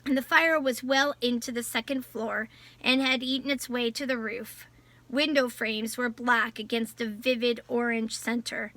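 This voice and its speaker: A woman reading a novel aloud in a measured storytelling voice. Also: fairly high pitch, level tone, sharp tone, dry recording. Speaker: audiobook narrator. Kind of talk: scripted novel narration.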